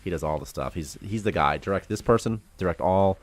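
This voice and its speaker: A man's voice: deep voice, animated, fairly quick, faint music behind. A young man hosting a casual game development livestream, rambling and chatty and laughing often. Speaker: programmer and stream host.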